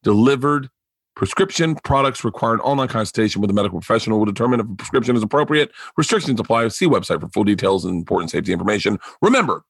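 A man's voice: on the low side, expressive, rapid-fire, gravelly, breathy edge, no echo. A man hosting a podcast, reacting to his guest and reading a sponsor ad in a loose, chatty way. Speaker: podcast host. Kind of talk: casual chat and ad read.

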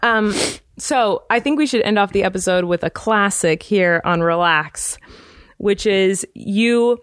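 A woman's voice: medium pitch, unhurried, smooth, no room sound. A woman co-hosts a casual podcast, teasing her partner in a playful way. Her voice sits in a middle range. The recording is dry and close. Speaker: podcast co-host. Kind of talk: casual chat.

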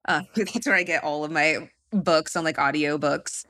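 Low-pitched woman with a bright, forceful voice. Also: moderate pace. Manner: chatty, laughs often, trails off mid-sentence. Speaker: podcast guest. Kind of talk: casual chat.

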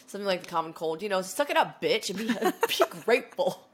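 Fast-talking congested young woman. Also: medium pitch, big pitch swings, breathy edge. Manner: chatty, peppered with "like", acts out quotes. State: congested, low on voice from a cold. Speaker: podcast co-host. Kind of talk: casual chat.

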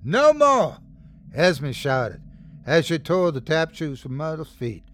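A man's voice: on the high side, a little slow. A man narrating a scary story as host, dramatic, swelling and dropping for suspense. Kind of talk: scripted horror story narration.

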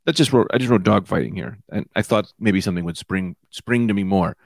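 Man, thirties, gravelly low voice, dry close sound, stoned, rambling podcast monologue. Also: a little fast, no room sound. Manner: rambling, loose, jumps between tangents. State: high. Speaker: podcast host, comedian. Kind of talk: casual comedic monologue. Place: small room with lights out.

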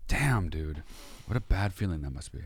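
Deep-voiced man with dry teasing asides. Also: animated, moderate pace, husky, dry recording. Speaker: podcast co-host. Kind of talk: casual chat.

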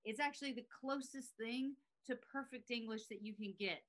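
A woman from South Carolina speaks with a Southern accent in a bright, clear voice. She co-hosts a podcast in casual chat and talks in a brash, joking way. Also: a little high, normal speed.

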